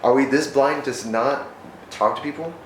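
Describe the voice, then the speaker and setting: A man's voice: mid-range voice, normal speed, slight background noise. A man from the United States giving a casual, faith-based vlog talk in an earnest, rambling way, often restarting and correcting himself. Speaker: vlogger. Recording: roomy echo.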